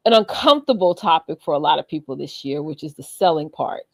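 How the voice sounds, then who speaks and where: A woman's voice: low voice, animated, quick pace, creaky, a little mellow, no echo. A woman co-hosting a casual business talk show, upbeat and chatty, laughing easily and talking with fillers. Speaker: co-host.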